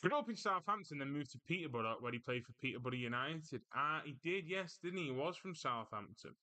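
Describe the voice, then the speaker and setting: Male livestream host, bright and crisp tone, casual rambling chat with viewers. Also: a little high, lively intonation, a little fast. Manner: chatty, reads out viewer comments and answers them.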